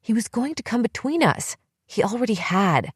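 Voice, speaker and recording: A woman's voice: medium pitch, lively intonation, a little slow, no room sound, clean studio sound. A woman reading the part of a desperate young woman who begs and pleads with her sister in an audiobook. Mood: pleading. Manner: pleading, wheedling, rising to yelling.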